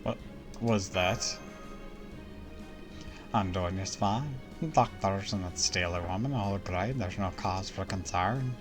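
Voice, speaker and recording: A man voicing a calm, gentle woman recovering from illness in a game, reading her lines softly and reassuringly on a stream. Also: sits low, slow pace, pauses often, over music. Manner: soft, quiet, reassuring.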